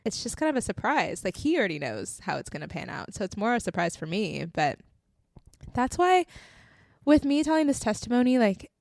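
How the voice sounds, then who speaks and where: A woman's voice: mid-range voice, big pitch swings, fairly quick, gravelly, darkish tone, dry recording. A young woman hosting a faith podcast, earnestly telling her testimony in a casual, heartfelt way, close to tears and saying "like" often. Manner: earnest, heartfelt, often tearful, says "like" a lot.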